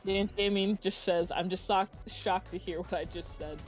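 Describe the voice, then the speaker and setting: A woman's voice: medium pitch, steady tone, normal speed, soft background music. A woman co-hosting a livestream, reading chat aloud in a casual, giggly way and laughing often. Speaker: stream co-host reading chat.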